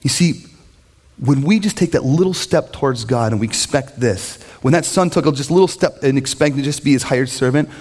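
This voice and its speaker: A middle-aged man, a pastor, preaching a sermon with animated storytelling and mocking voices for quoted characters. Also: medium pitch, a little fast.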